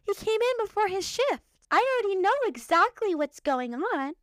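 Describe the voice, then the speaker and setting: A woman's voice: very high voice, very animated, normal speed, dry recording, voice pushed up. A woman mimicking a curt, dismissive HR lady. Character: dismissive, skeptical female HR worker.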